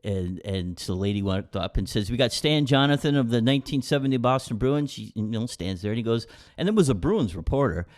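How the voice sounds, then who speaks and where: Guy telling hockey interview stories, does the voices, mid pitch, chatty. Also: fairly quick, hardly any pauses. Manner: animated, acts out quotes. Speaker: podcast co-host. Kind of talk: casual storytelling.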